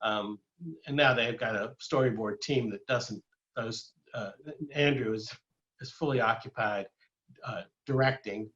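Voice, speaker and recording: A man's voice: fairly low pitch, unhurried, a bit bright, dull audio. An older man giving a casual illustrated talk as a guest speaker, rambling with many fillers and restarts. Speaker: guest speaker, former animator.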